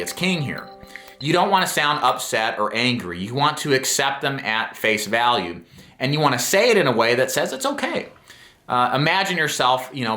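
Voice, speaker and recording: Bright-voiced male sales coach, emphatic. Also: medium pitch. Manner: earnest, emphatic, coaching, with frequent "okay?" check-ins. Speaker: insurance sales trainer. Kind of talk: instructional talk to camera. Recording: roomy echo.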